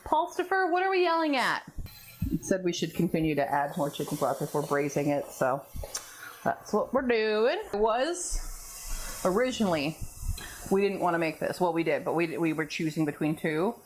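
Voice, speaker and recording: A woman's voice: low-pitched, moderate pace. A woman hosting a casual cooking vlog from her home kitchen. She rambles and laughs a lot, and talks to herself as she works. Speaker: cooking video host.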